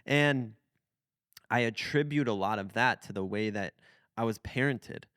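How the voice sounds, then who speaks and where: A man's voice: lowish voice, unhurried, fairly bright tone, clear, resonant tone, no room sound, clean studio sound. A man in his twenties hosting a podcast in a casual, rambling chat, full of fillers and restarts. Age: 20s. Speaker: podcast host.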